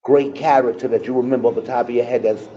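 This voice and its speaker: A man in casual chat, telling stories in a relaxed, laid-back way. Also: medium pitch, fast talker, dull audio, over a noisy crowd.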